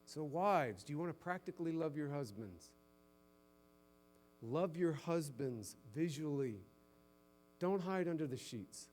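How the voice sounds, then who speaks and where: A man's voice: animated, unhurried, pauses often. Emphatic preaching man, faint hum. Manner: rises to loud emphatic exhortation, then drops low and soft. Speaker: pastor. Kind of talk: sermon.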